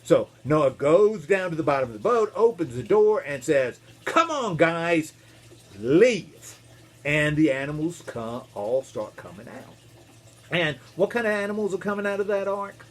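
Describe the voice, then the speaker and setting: Man, minister, kids' storytelling, very lively intonation, slightly high voice, playful. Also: normal speed. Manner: animated, playful, asks kids questions, makes animal noises. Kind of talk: storytelling for children.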